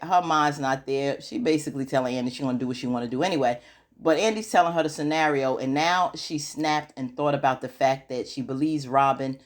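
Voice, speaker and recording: Woman with a low voice doing a chatty tv recap, acts out everyone's lines. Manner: animated, retells scenes in quoted dialogue. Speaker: TV show recap host. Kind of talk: casual episode recap.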